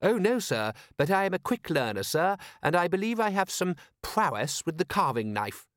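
A man's voice: high voice, sing-song, normal speed, fairly bright tone, no echo, clean studio sound, voice pushed up. A man voicing a proper, deferential male butler in an audiobook. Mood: earnest deferential. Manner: formal, deferential, clipped. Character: prim loyal male butler, earnest and proper.

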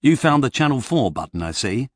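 Guy doing a fussy flustered writer bloke, rambly and put-upon, lively husky voice. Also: mid-range voice, a little fast, no room sound, studio quality, voice pushed up. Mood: exasperated. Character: flustered middle-aged male fantasy writer.

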